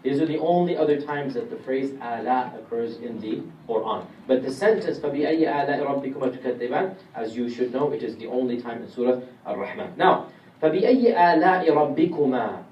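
This man talks very fast in an animated, medium-pitched voice as he lectures a class on Quranic commentary. He works through it step by step and puts questions to his audience. The sound is lo-fi, slightly hissy or humming, and captured from a distance in a roomy space with faint ambience.

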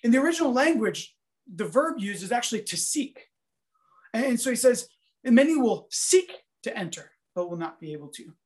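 A man giving a sermon, telling a story in an animated, conversational way full of fillers. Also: very high voice, a little fast. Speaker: preacher.

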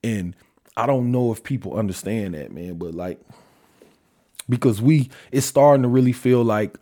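A man's voice: medium pitch, animated, moderate pace, mellow. A man hosting a podcast, talking alone in a blunt, heavily profane rant full of rhetorical questions. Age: adult father. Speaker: podcast host. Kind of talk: solo opinion monologue.

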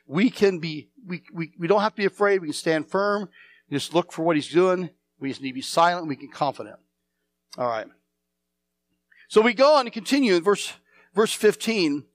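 Male pastor, sermon delivery, very animated pitch, dry recording. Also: no echo. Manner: emphatic, repeats phrases, swings between loud and hushed.

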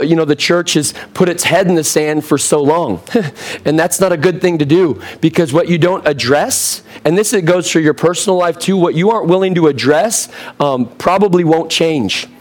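A young man preaching a sermon as pastor, a little hoarse, telling funny stories with lively asides. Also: on the high side. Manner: humorous, storytelling, lively asides.

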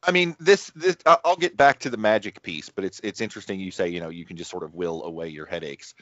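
A middle-aged man with a very low voice co-hosts a podcast and chats casually. He wanders through his stories, restarting and correcting himself as he goes. The dry, dull, lo-fi recording has no room sound. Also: quick pace, a bit bright, no echo. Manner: rambling, self-interrupting storyteller with many restarts. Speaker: podcast co-host. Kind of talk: casual chat.

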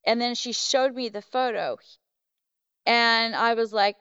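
A woman's voice: on the high side, unhurried, a bit bright, clear, resonant tone, no room sound, muffled recording. A middle-aged woman, a podcast guest, telling a story in a rambling way full of fillers and restarts. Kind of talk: casual storytelling.

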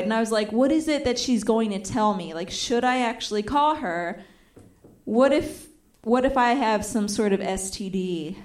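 A young woman tells a story on a comedy stage, her voice sitting a little high. She is lively and jumps into the voices of the people she quotes, and the audience laughs now and then behind her. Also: moderate pace. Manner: animated, acts out quoted voices. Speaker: stand-up comedian. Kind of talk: stand-up storytelling.

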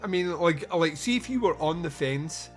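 A man's voice: a little high, expressive, faint music behind. A man hosting a podcast, reviewing a movie in casual, sarcastic chat with frequent laughs. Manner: laughing, sarcastic, quick asides. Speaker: podcast host.

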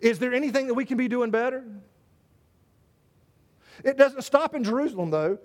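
A man's voice: extremely high pitch, animated, moderate pace, a little mellow. A man preaching a sermon to his church, emphatic and repetitive, full of rhetorical questions. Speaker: pastor.

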